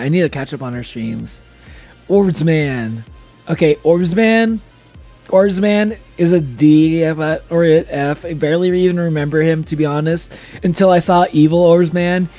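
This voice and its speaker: A man's voice: on the high side, moderate pace, darkish tone, soft background music. A man streaming live in casual chat, a little tipsy from drinking, who laughs often and swears freely.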